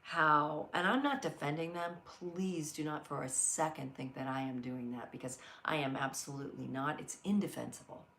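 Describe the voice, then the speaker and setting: An earnest middle-aged woman hosts a live motivational talk, her low voice carrying a gravelly edge. She tells stories and answers viewer comments in a heartfelt, searching way. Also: normal speed, few pauses, a bit bright. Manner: earnest, storytelling, reads viewer comments aloud. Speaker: host of a live inspirational show.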